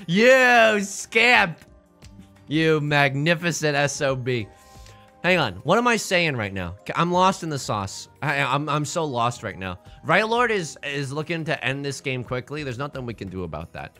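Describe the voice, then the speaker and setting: A man's voice: medium pitch, big pitch swings, moderate pace, hardly any pauses, sharp tone, faint music behind. A young man streaming a game, rambling in a goofy, jokey way as he plays. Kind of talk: casual game commentary.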